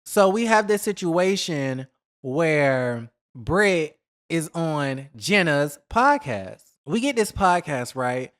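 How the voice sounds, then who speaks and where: Chatty gossiping man hosting a vlog. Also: fairly high pitch. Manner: chatty, animated, dishes shade and mimics others; says y'all, drawn-out emphasis. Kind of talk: casual gossip commentary.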